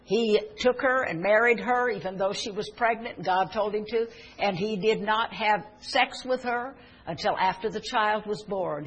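Woman preacher, husky tone, earnest storytelling sermon with emphatic peaks. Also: mid-range voice, rough recording. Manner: earnest, swelling to emphatic exhortation. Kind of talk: sermon with personal stories.

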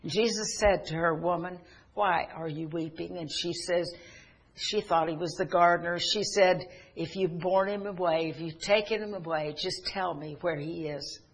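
A man's voice: on the high side, steady tone, moderate pace, breathy edge. A man preaching a sermon, earnestly retelling Bible stories in quoted speech.

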